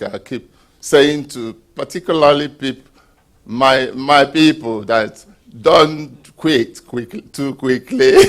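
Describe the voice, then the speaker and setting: A man at a conference, reflecting and giving advice about not quitting, then handing back to the host. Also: medium pitch. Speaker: speaker. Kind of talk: conference speech. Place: conference room.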